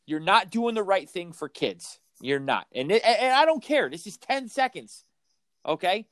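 With a high, very animated voice at normal speed, fairly bright in tone and recorded dry, a middle-aged youth sports coach goes off about basketball on a podcast. The chat is heated and emphatic, laced with heavy swearing as he hammers every point.

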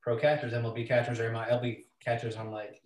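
A man's voice: medium pitch, level tone, fast talker. A man from Washington State hosting a casual chat, easygoing, often saying "man". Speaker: interview host, coach. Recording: roomy, off-mic.

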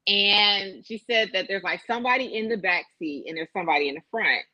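A woman's voice: medium pitch, brisk, sharp tone, dry recording, muffled recording. A woman co-hosting a casual podcast, telling a gossip story with lots of profanity, quoted voices and laughter. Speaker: podcast co-host.

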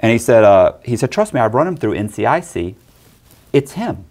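A middle-aged man with a voice of ordinary pitch tells a story from his own life. He talks casually and with energy, and he often slips into quick, lively impressions of the people in it. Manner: animated, acts out other people's lines in quick voices. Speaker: guest telling a personal story.

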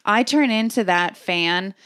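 A young woman co-hosting a casual chat, telling stories in an animated, profane way. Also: mid-range voice, a little slow, clear, resonant tone, no room sound. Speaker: podcast co-host.

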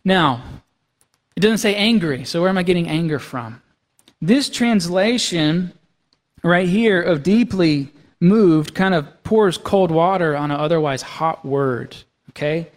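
A man's voice: on the high side, measured pace. A man preaching a sermon as pastor, talking with the congregation in a conversational way and checking in with "right?" and "okay?". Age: young adult to middle-aged, has young kids. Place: church sanctuary. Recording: long reverb of a church hall.

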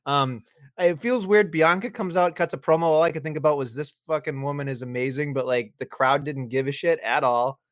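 A man co-hosting a podcast in casual wrestling chat, swearing freely and getting worked up. His voice climbs high in rants, recorded dry and close with no room sound. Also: brisk, no echo. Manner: excitable, swears often, rants with rising pitch. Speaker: podcast co-host.

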